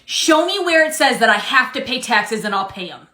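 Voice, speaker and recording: Woman putting on a snooty bossy customer lady, bright sharp voice, echoey room. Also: a little high, sing-song, moderate pace. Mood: demanding. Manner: demanding, condescending, indignant. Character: entitled rude middle-aged woman customer. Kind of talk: comedy skit. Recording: roomy echo.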